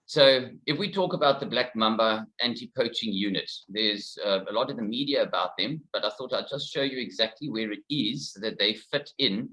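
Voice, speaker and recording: South african guy presenting, quick and a bit rushed, bright forceful voice. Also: fairly low pitch, low-quality recording. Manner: quick, informal, slightly rushed. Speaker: conservationist presenter. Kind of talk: conference presentation. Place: research facility room.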